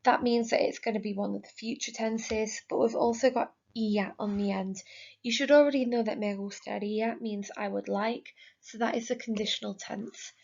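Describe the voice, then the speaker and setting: A woman's voice: medium pitch, fairly even intonation, moderate pace, gravelly, darkish tone. An English woman teaching a language lesson, explaining grammar step by step in a patient, methodical way. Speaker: Spanish teacher. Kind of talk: recorded remote lesson. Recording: lo-fi, dull sound.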